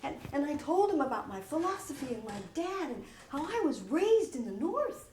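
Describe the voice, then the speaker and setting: A woman's voice: sits high, normal speed, far from the mic, slight background noise. A woman with a Southern US accent performing a self-mocking solo theater monologue, recorded live in a roomy small theater. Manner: animated, self-mocking storytelling.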